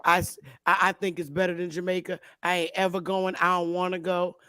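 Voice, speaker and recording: A woman's voice: lowish voice, flat delivery, a little fast, bright, forceful tone, clear, resonant tone, no room sound, studio quality. A woman hosting a talk show, ranting in a fiery, profane way during a casual chat. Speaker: host.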